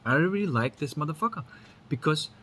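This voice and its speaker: A man's voice: a little high, animated, brisk, sharp tone, breathy edge. A man from Lithuania whose English accent mixes Lithuanian, American and British sounds, giving a rambling, frank spiritual talk and swearing casually. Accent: mixed Lithuanian, American and British English. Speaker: spiritual teacher.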